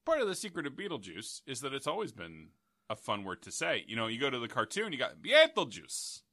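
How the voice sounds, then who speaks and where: Animated, bright-voiced man joking around. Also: mid-range voice. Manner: jokey, laughs often, quick riffs. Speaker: podcast co-host. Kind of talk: casual comedic banter. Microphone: home desk mic.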